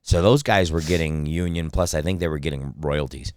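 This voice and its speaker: A man's voice: rumbling low, brisk, a little mellow, dry recording, clean studio sound. A man who is a comedian and voice actor, telling stories in casual podcast chat with lots of swearing and fillers. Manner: storytelling, profane, lots of fillers. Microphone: studio microphone.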